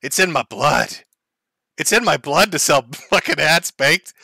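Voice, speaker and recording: Guy streamer mocking stuff w lots of laughs, lively swingy voice, super dry close mic. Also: fairly high pitch, unhurried, vocal fry, husky, no room sound. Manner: sarcastic, laughs often. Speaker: streamer host. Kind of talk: mocking live-stream commentary.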